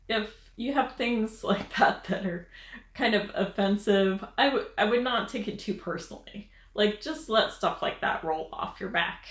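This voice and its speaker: A woman hosting a vlog, chatting casually to camera with advice, rambling with fillers and laughing often. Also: medium pitch. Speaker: vlog host. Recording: roomy echo.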